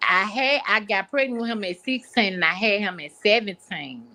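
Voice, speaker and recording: A woman's voice: medium pitch, moderate pace, sharp tone. A woman in her forties answering interview questions in an insistent, flustered way. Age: 40s. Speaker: interview guest.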